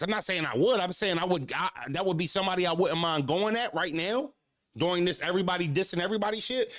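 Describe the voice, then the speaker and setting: A man who is a battle rapper, ranting casually to his live-stream chat, animated and repetitive, swinging from low mutters to high exclamations. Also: dry recording, studio quality.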